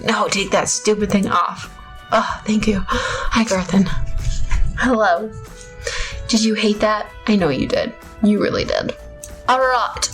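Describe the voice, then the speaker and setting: A woman's voice: medium pitch, a bit bright. A woman casually commenting on her gameplay, rambling and poking fun at herself. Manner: chatty, rambling, self-mocking. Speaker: gamer narrating her play. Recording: faint music behind.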